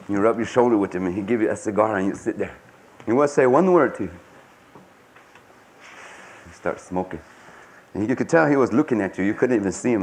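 A man speaking at a conference to a live audience, telling stories with great passion, swinging from low murmurs to high cries, in a 1990s archival recording. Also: a little mellow. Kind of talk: storytelling talk to an audience. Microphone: 1990s archival live talk recording.

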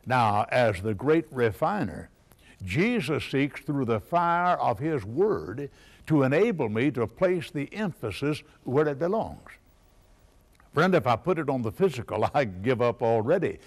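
A middle-aged man preaching a sermon, emphatic and animated, often pausing on "uh" between phrases. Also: medium pitch.

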